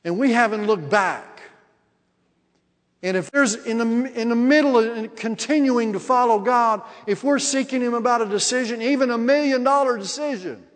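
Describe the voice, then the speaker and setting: An older male preacher with a high voice tells his testimony in a lively, animated way, often repeating and restarting his phrases. His voice carries a long echo through a big hall. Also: moderate pace. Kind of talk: sermon with testimony.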